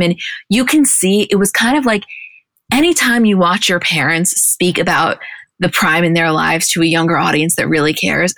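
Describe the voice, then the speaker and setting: A woman co-hosting a podcast, recapping episodes in animated, casual storytelling with the odd swear. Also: fairly low pitch, no room sound, studio quality. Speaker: podcast co-host.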